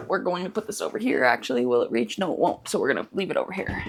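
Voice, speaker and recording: A woman's voice: deep voice, animated, racing, hardly any pauses, background noise. A woman vlogging casually in her home kitchen, goofy and rambling as she jokes through a recipe. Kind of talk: casual cooking vlog.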